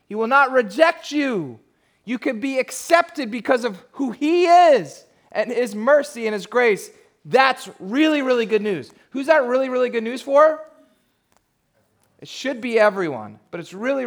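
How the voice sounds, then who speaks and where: A man with a high, light voice preaches a sermon. His delivery is emphatic but conversational, the way a pastor talks straight to his congregation. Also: lively intonation, measured pace.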